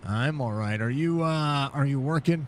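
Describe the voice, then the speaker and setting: A man doing casual live commentary on a sim race while chatting with viewers, with excited outbursts at crashes. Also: medium pitch, normal speed, a little hiss or hum. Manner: chatty, greets viewers by name between race calls. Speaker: sim racing league commentator and streamer.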